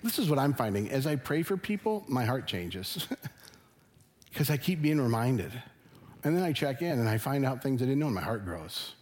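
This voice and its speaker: A man's voice: mid-range voice, very animated, moderate pace, darkish tone. Earnest middle-aged male pastor preaching. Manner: earnest, conversational preaching with rising emphasis. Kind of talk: sermon. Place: church sanctuary.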